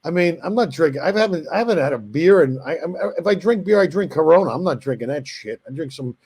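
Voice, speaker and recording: A man's voice: a little high, fast, husky. A man, a comedian guest, telling stories in casual podcast banter, swearing freely and voicing other people. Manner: profane, animated storytelling with voiced asides.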